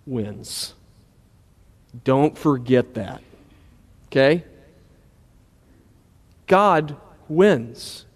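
A male pastor delivers a sermon with a notably high-pitched voice. He talks in a relaxed, conversational manner, often sinking to a low, soft voice to drive a point home. The sound carries a long reverb, as in a large hall. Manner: conversational preaching, dropping low and quiet for emphasis.

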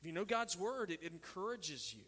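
A man's voice: sits high, very animated, moderate pace, a bit bright. A man from Texas preaching a sermon as pastor, telling stories in a conversational way and asking the congregation questions. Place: church sanctuary. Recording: reverberant hall.

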